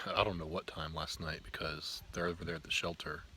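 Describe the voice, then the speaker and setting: A man vlogging casually outdoors on a backpacking trip, relaxed and rambling with fillers. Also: low-pitched, a little fast, a little hiss or hum. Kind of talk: casual trail vlog. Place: outdoors in the woods on a trail.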